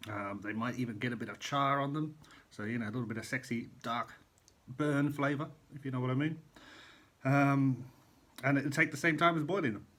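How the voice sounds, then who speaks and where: A man's voice: mid-range voice, fairly even intonation, a little fast, fairly bright tone. A middle-aged man, a chef, chatting casually in a vlog from a hotel room, rambling and eating as he talks. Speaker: chef vlogger.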